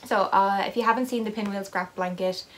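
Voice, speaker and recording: A woman's voice: medium pitch, fairly even intonation, a little fast. Chatty woman knitting vlogger. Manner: rambling and self-deprecating, many fillers and asides. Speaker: knitting vlogger and podcast host. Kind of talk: casual chatty vlog, unboxing advent yarn.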